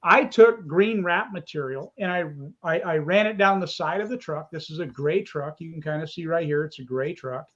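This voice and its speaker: High-voiced man on a dull call line. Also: normal speed, few pauses, a bit bright. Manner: explanatory, walks through pictures on screen. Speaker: co-host. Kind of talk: casual live video chat.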